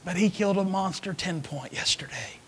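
A man preaching a sermon as associate pastor, swinging between hushed whispers and loud emphatic calls. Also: sits high, brisk, a little hiss or hum. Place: church sanctuary.

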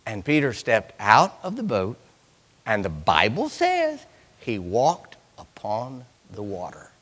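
A man preaching a sermon in a church, swinging from loud cries to hushed lines. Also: lowish voice, huge pitch swings, slow pace, husky, big-room sound.

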